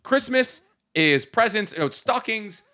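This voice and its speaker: A man with a bright, somewhat high voice rambles and jokes in casual podcast chat. His pitch swings a lot as he talks. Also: animated, a little slow. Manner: rambling, joking. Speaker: podcast co-host.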